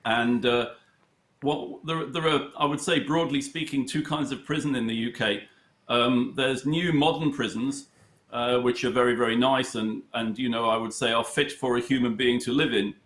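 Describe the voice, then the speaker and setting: A man from the United Kingdom tells stories at a relaxed, halting pace, often restarting his sentences. His voice sits at an ordinary middle pitch. The sound is roomy and echoey, as if recorded in a bare room over a call. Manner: hesitant, many fillers and restarts, storytelling. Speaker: chess charity head, studio guest. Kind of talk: conversational interview answers. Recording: roomy echo.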